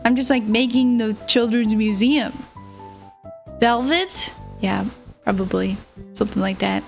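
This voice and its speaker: A woman's voice: on the high side, unhurried, creaky, faint music behind. A young woman streamer chatting casually, rambling through a story and giggling often. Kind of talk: casual livestream chat.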